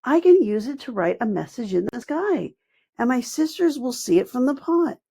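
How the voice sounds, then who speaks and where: A woman voicing a cheerful young female fairy, bright and eager. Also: on the high side, very animated, moderate pace, vocal fry, slightly rough, pitched above the performer's own voice, heavily acted. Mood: excited.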